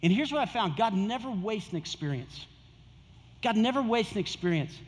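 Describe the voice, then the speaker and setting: A man's voice: sits high, animated, moderate pace, in a large hall. A male pastor preaching a sermon in a casual, conversational way, repeating his key phrases.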